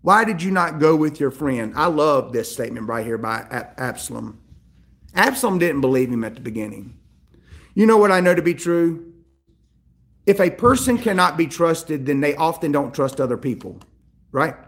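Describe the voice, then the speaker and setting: A man preaching a sermon, reading scripture and acting out the characters' lines with animated delivery. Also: on the high side, normal speed. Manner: animated, acts out biblical characters in quoted dialogue. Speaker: pastor.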